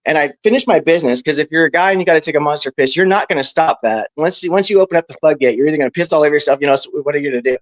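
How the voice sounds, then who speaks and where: A man on a discussion panel telling a story casually, animated and profane, with lots of "bro" and "right". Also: a little high, racing, few pauses, no room sound, poor audio.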